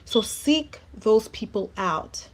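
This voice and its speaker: A woman host with a fairly high voice talks in an earnest, heartfelt way. She presses her points with emphasis and often repeats words mid-sentence. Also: animated, takes it slowly. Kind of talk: heartfelt conversational talk.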